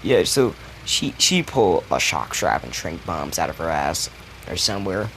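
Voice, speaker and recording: A man's voice: deep voice, sing-song, moderate pace, gravelly, fairly bright tone, a little hiss or hum. A man telling a made-up story in a casual, rambling, profane way. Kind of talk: casual retelling of a fan scenario.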